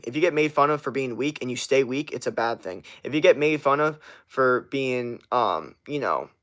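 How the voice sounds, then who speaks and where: A man's voice: mid-range voice, fairly bright tone. A man hosting a casual livestream, answering chat with blunt, motivational advice and plenty of swearing.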